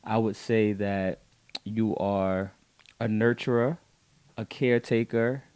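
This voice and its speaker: A man hosting a faith podcast, talking in an effusive, excited way with his wife as guest. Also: fairly low pitch, slow, smooth, no room sound. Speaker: podcast host.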